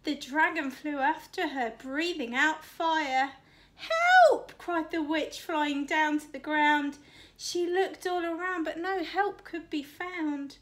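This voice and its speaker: A woman's voice: high-pitched, fairly even intonation, takes it slowly, a bit bright. A woman teacher reading a rhyming picture book aloud to children, with a sing-song rhythm. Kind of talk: expressive storybook read-aloud.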